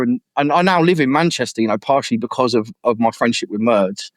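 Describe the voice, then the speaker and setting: A young man talking fast and with energy, an MC who tells his stories casually and takes on the voices of the people he quotes. His voice sits at a middle pitch and sounds close and dry, with almost no room around it. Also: no room sound. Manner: animated, acts out quoted voices. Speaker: MC and guest artist. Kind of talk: casual interview storytelling. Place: podcast studio.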